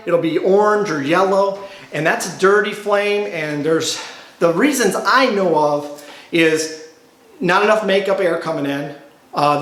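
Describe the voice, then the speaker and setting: A man's voice: fairly high pitch, fairly bright tone. A man who owns a laundromat, filming a casual vlog, ranting in exasperation with lots of rhetorical questions. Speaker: laundromat owner and channel host. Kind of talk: casual talk-to-camera vlog. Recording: echoey, reverberant room.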